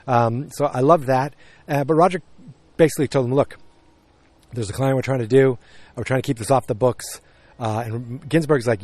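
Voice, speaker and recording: A man's voice: medium pitch, normal speed, pauses often, a little mellow, no room sound. A man hosting a podcast, casually recapping a TV episode and rambling with many fillers and restarts. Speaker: podcast host.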